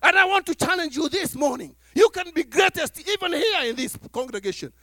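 A man preaching a sermon as pastor to his church, animated, acting out little dialogues and laughing as he talks. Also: very high-pitched, a little fast, no echo, clean studio sound.

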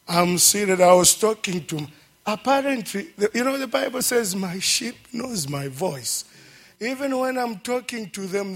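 A middle-aged man in a church service gives a heartfelt testimony, his voice sitting a bit higher than most men's. He speaks slowly and haltingly, full of feeling, and keeps breaking into fervent praise. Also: fairly bright tone. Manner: emotional, slow and halting. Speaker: church member giving testimony. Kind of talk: emotional church testimony and prayer.

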